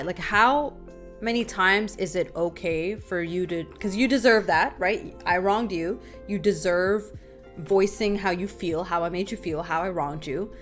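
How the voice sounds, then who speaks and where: Young woman, talk show host, casual storytelling, lively delivery, slightly low voice, faint music underneath. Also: unhurried. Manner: animated storytelling, addresses listeners as "y'all". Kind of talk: casual group discussion.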